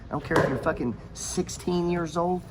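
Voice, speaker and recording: A man's voice: fairly high pitch, moderate pace, very noisy. Blunt, swearing middle-aged man ranting. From United States. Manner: blunt, profane, rambling, preachy. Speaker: podcast host giving money advice. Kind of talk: unscripted motivational rant.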